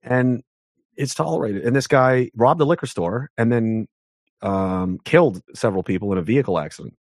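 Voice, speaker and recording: A man talking as an interview guest, ranting emphatically, with his pitch jumping up sharply on the points he stresses. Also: normal speed, no room sound, studio quality. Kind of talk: heated conversational interview.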